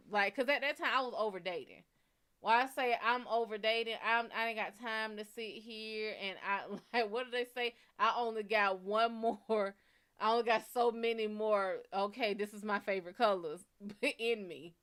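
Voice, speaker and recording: A woman's voice: on the high side, moderate pace, clean tone. Candid, profane woman telling a story. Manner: candid, profane, animated storytelling with quoted dialogue. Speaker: psychic reader host. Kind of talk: casual storytelling.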